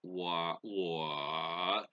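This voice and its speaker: A man's voice: deep voice, steady tone, very slow, pushed and bright, lo-fi sound. A middle-aged man hosting a gaming channel, calling a baseball sim game play-by-play and muttering to himself with folksy exclamations.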